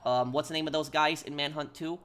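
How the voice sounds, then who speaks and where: A man's voice: a little high, steady tone, brisk, a bit bright. A man streaming a game live, chatting casually with viewers and answering their messages, often stopping and repeating words. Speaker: gaming streamer.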